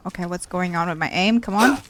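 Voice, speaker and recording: A woman's voice: lowish voice, noisy background. Chatty woman narrating her gameplay. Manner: chatty, repeats herself and exclaims when startled. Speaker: let's play host. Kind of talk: casual gameplay commentary.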